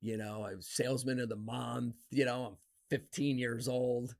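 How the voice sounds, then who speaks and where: A man in his fifties from New Jersey, a podcast guest telling stories from his life in a casual, animated way. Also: moderate pace, gravelly. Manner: animated, acts out quoted voices with big pitch jumps. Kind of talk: casual storytelling interview.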